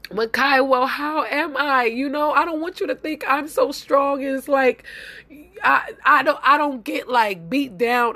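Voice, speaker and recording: Tearful high-voiced woman podcaster. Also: pushed and bright. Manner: tearful, heartfelt, repeats phrases. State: crying at times. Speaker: podcast host. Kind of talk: emotional podcast monologue.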